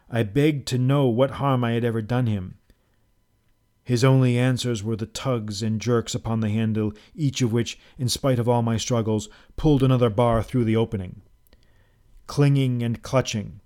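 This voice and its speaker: A male audiobook narrator relates a first-person tale, his middle-pitched voice keeping a steady storytelling rhythm in a measured, dramatic reading.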